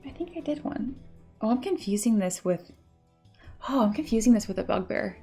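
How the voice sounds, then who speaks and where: A woman's voice: on the high side, animated, normal speed, mellow, husky, soft background music. A woman chatting casually on a live stream while she sculpts, laughing often and reading viewer comments aloud. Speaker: 3D sculptor streaming her work.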